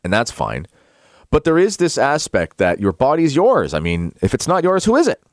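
A man's voice: medium pitch, huge pitch swings, normal speed, no room sound, clean studio sound. A male talk show host giving a rambling monologue, then reading a book aloud, with frequent fillers and self-corrections.

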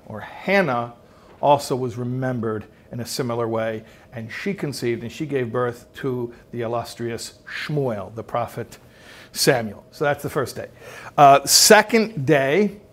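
Male rabbi, mid-range voice, relaxed teaching delivery that turns emphatic on key points. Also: mid-range voice. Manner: emphatic, swells and drops in loudness, asks rhetorical questions. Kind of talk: conversational religious teaching.

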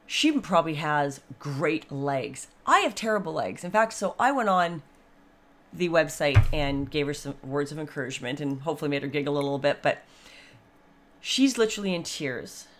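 A woman in her fifties talking in a blunt, chatty, animated monologue. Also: low voice. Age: 50s. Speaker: vlogger. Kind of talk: casual monologue.

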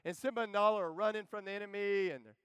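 Brief: man in his thirties, lively camp sermon, high voice, dry close sound. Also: quick pace, clear, resonant tone, no room sound. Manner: joking, animated, calls to the crowd. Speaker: preacher.

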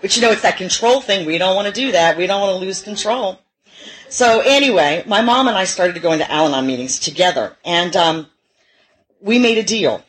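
A woman's voice: mid-range voice, animated, a little fast, rough recording. A middle-aged woman giving a personal testimony at a recovery meeting, candid and self-mocking, with frequent laughs.

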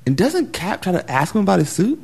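A man chatting casually about a superhero film, getting excited and acting out scenes with sudden high bursts. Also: fairly quick, gravelly, husky.

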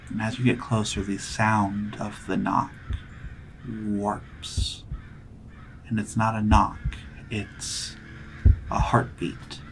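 Gravelly, slow-speaking man as game master. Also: on the low side, background noise. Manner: slow, measured descriptive narration. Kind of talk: narrating a tabletop game.

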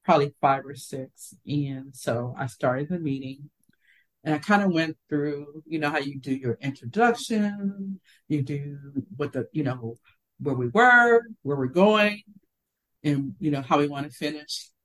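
Older woman telling a lively story. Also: low-pitched, normal speed, low-quality recording. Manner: animated storyteller, acts out quoted voices. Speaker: podcast co-host. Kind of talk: casual chat, storytelling.

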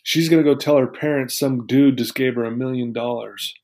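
A man's voice: medium pitch, steady tone, fairly quick, a little mellow. A man as an interview guest, telling a personal story in an earnest, heartfelt, reflective way.

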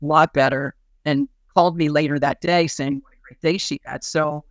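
A woman's voice: low voice, fairly even intonation, moderate pace, dry recording, studio quality. A woman physician and therapist in a podcast conversation, recounting a patient case with frequent restarts.

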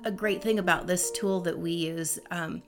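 A woman's voice: lowish voice, fairly even intonation, moderate pace, faint music behind. A woman co-hosting a marriage show with her husband, agreeing and adding short remarks. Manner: agreeable, chimes in briefly. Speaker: co-host, wife. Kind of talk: casual chat.

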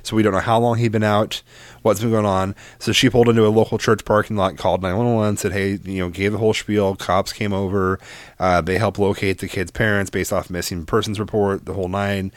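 A man's voice: on the low side, little pitch movement, brisk, no echo. A young man co-hosting a casual podcast chat, telling stories in a rambling, profane way with many restarts. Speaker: podcast co-host.

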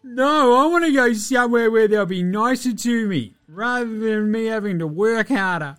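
A man's voice: high voice, moderate pace, fairly bright tone, soft background music, pitched above the performer's own voice. An Australian man mockingly imitating a self-pitying male basketball star who complains in a sulky, childish way. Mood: whining.

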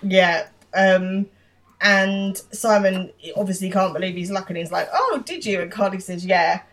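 A woman's voice: medium pitch, little pitch movement. A woman with a mid-range voice casually narrates a TV episode's plot on a podcast. She strings the quoted dialogue together one line after another. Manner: narrates plot quickly, quoting lines, with laughs. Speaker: podcast co-host. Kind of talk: casual recap chat.

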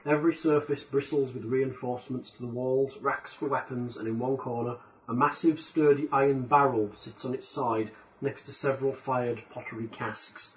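A man running a tabletop game as game master, reading room descriptions in a measured way. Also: mid-range voice, fairly even intonation. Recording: dull lo-fi recording.

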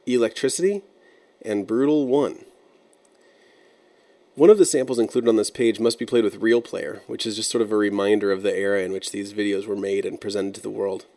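Low-voiced man narrating, measured and wry. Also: darkish tone. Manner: measured and explanatory, slightly wry. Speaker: narrator of an internet-mystery video. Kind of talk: scripted narration.

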